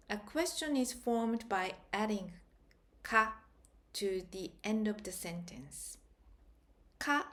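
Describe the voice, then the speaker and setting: Woman language teacher, slow deliberate delivery, mid-pitched, patient explanations. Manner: patient, spells out and repeats example sentences slowly. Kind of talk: slow grammar lesson narration.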